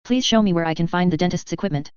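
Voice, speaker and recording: A woman's voice: on the low side, quick pace, clear, resonant tone, no room sound, lightly acted. A woman reading the part of a blunt, smug male medic who leans hard on his syllables. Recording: slightly dull recording.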